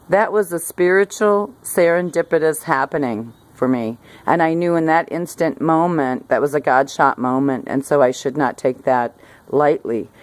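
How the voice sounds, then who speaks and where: A middle-aged woman with a low voice talks to her camera outside by a hillside garden. She rambles and restarts her sentences, laughing now and then as she goes. It sounds like a relaxed chat about her day. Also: smooth, dry recording. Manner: rambling, self-interrupting, laughs often. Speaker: vlogger. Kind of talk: casual talk to camera.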